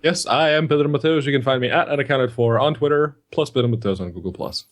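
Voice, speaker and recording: A man's voice: medium pitch, fast talker. A young man co-hosting a podcast, chatting in an easygoing way and laughing often. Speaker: podcast co-host. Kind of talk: casual podcast chat.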